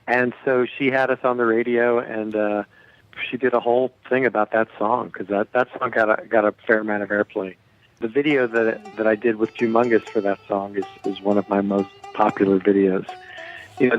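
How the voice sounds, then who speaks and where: A man talking as a guest musician in a casual radio interview, chatty and joking, heard over a phone line. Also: on the low side.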